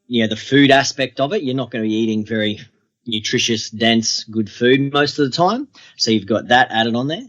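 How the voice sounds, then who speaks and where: Appearing as a guest on an interview podcast, a man with a medium-pitched voice tells adventure stories in a relaxed, steady way. The audio is lo-fi.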